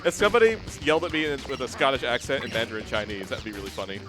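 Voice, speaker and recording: A man streaming a game and chatting casually, rambling into deadpan jokes. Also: medium pitch, racing, faint music behind. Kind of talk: casual gaming stream chat.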